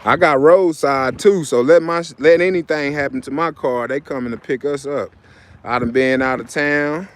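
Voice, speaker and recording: A man's voice: mid-range voice, normal speed. Rambling man chatting on a livestream. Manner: loose, rambling, repeats himself. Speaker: livestream host. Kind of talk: casual livestream chat.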